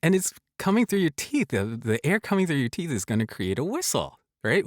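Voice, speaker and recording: A man's voice: on the high side, big pitch swings, fairly quick, hardly any pauses, no echo, studio quality. A man hosting a casual voice tutorial, joking around and demonstrating sounds aloud as he explains. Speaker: voice-over coach and show host.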